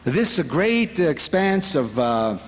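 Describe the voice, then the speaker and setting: A man's voice: fairly high pitch, very animated, slow pace. Fervent man speaking in a reverberant hall. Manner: fervent and exclamatory, with many rhetorical questions. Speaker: speaker at a spiritual retreat. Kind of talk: inspirational spiritual talk. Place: large conference hall.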